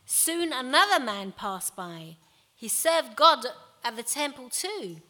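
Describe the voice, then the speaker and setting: A woman voicing a kindly male teacher telling a parable, gentle and expressive, with long hall reverb. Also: high voice, takes it slowly, voice pushed up, heavily acted. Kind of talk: reading a Bible story aloud.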